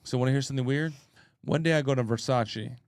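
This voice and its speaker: A man's voice: mid-range voice, fast talker, darkish tone, dry recording. A man hosting a casual chat, talking in an emphatic, profane way and repeating phrases as he builds his point.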